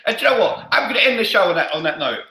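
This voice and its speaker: A man hosting a fan show with a loud, boisterous manner, repeating himself and laughing often. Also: high-pitched, sing-song, racing, roomy sound, a loud crowd, low-quality recording. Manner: boisterous, repetitive, laughs a lot. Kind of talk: heated fan podcast debate.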